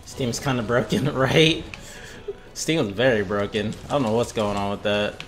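A man streaming a video game live, joking, swearing and shouting at the action as it happens. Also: medium pitch, moderate pace, faint music behind. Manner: excitable, swearing, jokey, yelling at the game. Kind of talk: live gameplay commentary.

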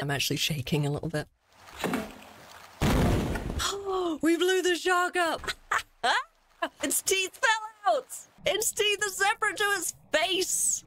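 A woman streamer giving loud, excitable commentary while playing a game, swearing freely. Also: on the high side. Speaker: gaming streamer. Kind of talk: live let's-play commentary.

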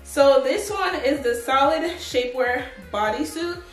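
A woman with a slightly high voice talks through a clothing haul in a loose, chatty way, peppering her sentences with fillers. She is recorded on a tripod camera in a reverberant room, with faint background music under her voice. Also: a little slow, a bit bright. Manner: chatty, upbeat, lots of "like" and "but yeah". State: out of breath. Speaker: fashion vlogger. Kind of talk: casual try-on haul chat.

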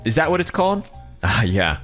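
A man's voice: medium pitch, wildly swooping pitch, normal speed, fairly bright tone, soft background music. A man chatting casually as a streamer, drawling and hesitant as he searches for words. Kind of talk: casual chat.

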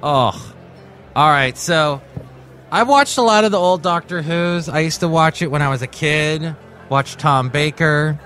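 A man's voice: a little high, unhurried, fairly bright tone, faint music behind. A man hosting his own daily podcast from home, rambling in a jokey, sarcastic monologue. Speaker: podcast host. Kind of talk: casual comedic monologue.

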